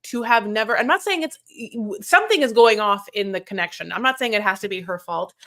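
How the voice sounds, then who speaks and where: Sarcastic woman co-host, casual recap talk, mid pitch, mimics others' quotes. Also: expressive, brisk, sharp tone. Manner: chatty, sarcastic, acts out cast members' lines. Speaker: podcast co-host.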